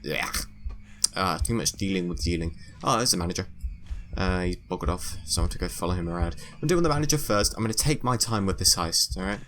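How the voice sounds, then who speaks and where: Chatty guy narrating gameplay. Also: a little hiss or hum. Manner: chatty, muttering to himself, excitable with squealing highs. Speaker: gameplay commentator. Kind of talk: let's play commentary.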